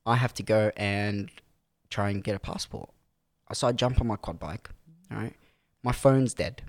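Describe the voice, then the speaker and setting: A man's voice: on the low side, normal speed, dry recording. A young man, telling a story animatedly in a casual podcast chat. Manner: animated, dramatic retelling with quoted voices.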